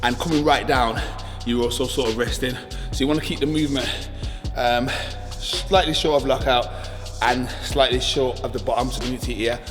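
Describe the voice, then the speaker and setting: A bodybuilder giving a casual gym workout tutorial, chatty and relaxed, with lots of ums. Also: male voice, medium pitch, normal speed, hardly any pauses, in a large hall. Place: echoey gym. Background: music playing.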